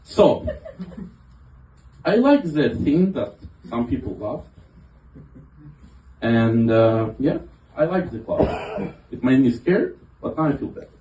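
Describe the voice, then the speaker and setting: A man doing a self-mocking stand-up set in a small club, talking in a halting way with lots of fillers. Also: mid-range voice, sing-song, mellow, slight background noise. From half Ukrainian, half Israeli. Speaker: stand-up comedian. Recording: roomy club audio from a distance.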